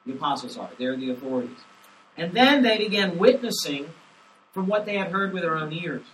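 A male pastor delivering an expository sermon, emphatic and slowing down to stress scripture. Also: on the high side, expressive, a bit bright. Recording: distant mic with faint hiss.

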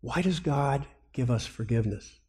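Male preacher, warm dark timbre, question-and-answer teaching delivery. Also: medium pitch, expressive, moderate pace. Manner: asks the audience questions and answers them himself. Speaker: speaker on biblical counseling. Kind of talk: sermon-style teaching talk.

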